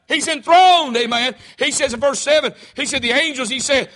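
High, bright-voiced preacher man. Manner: emphatic, punctuates with "hey". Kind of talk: sermon.

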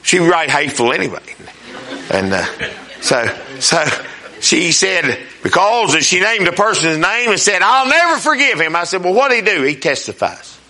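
An older man preaching a sermon, telling folksy stories and swinging between soft asides and loud emphasis. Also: high-pitched, lively intonation, normal speed. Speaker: pastor.

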